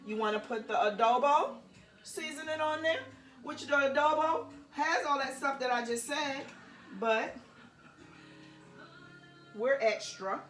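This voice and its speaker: A woman's voice: high-pitched, measured pace, long pauses, a bit bright, reverberant, faint music behind. A woman vlogger cooking in her home kitchen, chatting playfully to viewers with laughing asides. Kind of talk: casual cooking demonstration.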